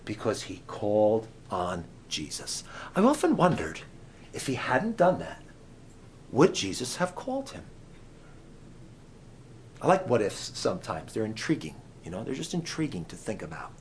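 A man preaching a sermon at a camp meeting, dramatic and full of questions to his listeners, swinging from loud cries to hushed whispers. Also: on the low side, huge pitch swings, normal speed, long pauses, slight background noise. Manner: asks the audience many questions.

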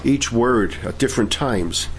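A man leading worship and preaching a sermon, fervent in praise and gentle when he teaches. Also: medium pitch, expressive, unhurried, slight background noise. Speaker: pastor.

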